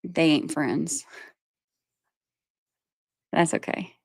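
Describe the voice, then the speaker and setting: A woman's voice: deep voice, extremely slow, breathy edge, no echo, clean studio sound. A woman from Georgia, chatting casually on her livestream and laughing often as she talks to her viewers. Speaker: livestream host.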